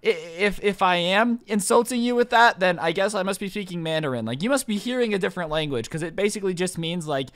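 A young man spinning a casual storytime anecdote, sarcastic and rambling with plenty of fillers. His voice sits high for a man. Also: lively intonation, fast, few pauses, a bit bright, dry recording, clean studio sound. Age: young adult.

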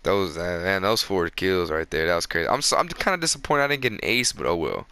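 A fairly low, gravelly male voice with a bright, crisp edge, recorded close on a desk mic. He commentates his own gameplay, swinging from quiet asides to excited, boastful bursts aimed at viewers. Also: quick pace, dry recording. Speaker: gaming video creator. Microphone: close desk microphone.

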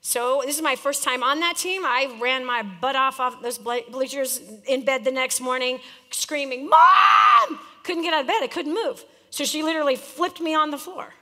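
A woman from California leading a live business seminar as a coach, teaching an audience in a direct, challenging, animated way. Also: sits high, normal speed, hardly any pauses. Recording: long reverb of a large hall.

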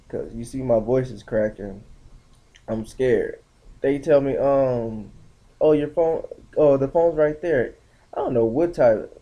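A young man telling a story casually on his vlog, slangy and animated, acting out the other people's lines in shifting voices. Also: medium pitch, slow. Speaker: vlogger.

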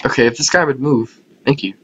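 A man's voice: mid-range voice, fairly quick, a bit bright, slightly rough, muffled recording. A man giving casual, self-mocking let's-play commentary on a game, talking to viewers and laughing often. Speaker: gaming YouTuber.

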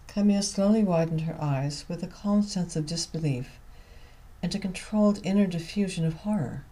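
A man reading his own novel aloud at a slow, deliberate pace. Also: high voice, mellow. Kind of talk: audiobook narration.

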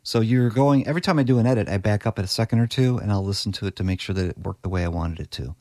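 Guest, male, low-pitched, practical explainer, dry close sound. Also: rapid-fire, a little mellow, no room sound. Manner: practical, explanatory, with frequent restarts. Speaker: guest podcast editor. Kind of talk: conversational interview.

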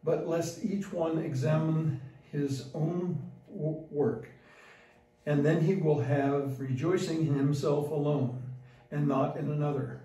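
Slow, mellow man reading an epistle. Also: fairly high pitch, steady tone. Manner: slow reading with small slips and restarts. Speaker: epistle reader. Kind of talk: liturgical Bible reading. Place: church. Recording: echoey church from far off.

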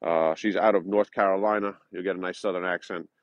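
Low-voiced New York man, dull dry sound. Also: fairly even intonation, a little fast, no echo. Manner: loose, with frequent uh and um fillers. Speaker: realtor and motivational vlogger. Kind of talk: motivational morning vlog with prayer. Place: outdoors at a lakeside park at dawn.

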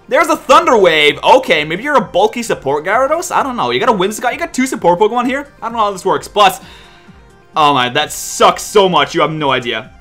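Young guy commentating his game, high lively voice, keeps groaning at the other player, faint music behind. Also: normal speed. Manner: exasperated, self-mocking, talks to his opponent. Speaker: gaming commentator.

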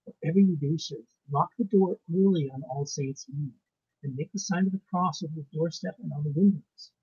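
A man's voice: fairly high pitch, normal speed, warm tone, husky, dull audio. A man voicing a placid, stubborn old peasant housekeeper woman with rustic grammar, reading a ghost story aloud. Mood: ominous.

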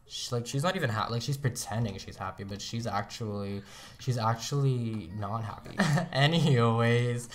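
A man's voice: medium pitch, moderate pace. A young man casually commenting on his gameplay as a let's play host, chatty and rambling, often laughing at himself.

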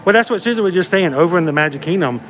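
A man's voice: high voice, expressive, rapid-fire, a crowd in the background. A man co-hosting a livestream, chatting casually and joking while walking through a theme park outdoors. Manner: joking, playful, laughs often. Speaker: livestream co-host.

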